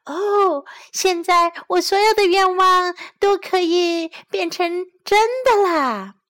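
An eager little storybook mouse cries out each wish in a high, bouncing voice, as a woman puts her on. The tone leaps up and down with excitement, and the reading stays unhurried. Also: exaggerated voice. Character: eager little female mouse making wishes.

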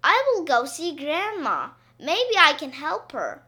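An eager, earnest little boy of seven from a storybook, as a woman reader puts him on. His voice sits high and bright and bounces up and down, and he talks slowly. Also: big pitch swings, exaggerated voice. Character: eager helpful seven-year-old boy.

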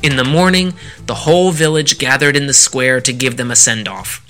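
A man reading a folk tale aloud to children in an animated, sing-song storytelling manner. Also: mid-range voice, normal speed, hardly any pauses.

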